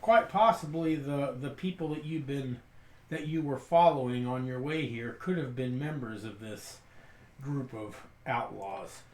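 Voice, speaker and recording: A man's voice: mid-range voice, unhurried, darkish tone, roomy sound. A man narrating a tabletop role-playing game as game master, often stumbling and restarting his descriptions.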